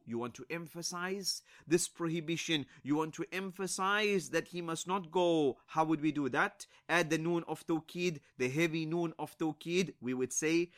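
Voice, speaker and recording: Man slowly teaching Arabic grammar. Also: a little high, a bit bright. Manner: slow and deliberate, repeats each example; mixes Arabic and Islamic phrases into English. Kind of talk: classroom lesson, explaining and translating examples.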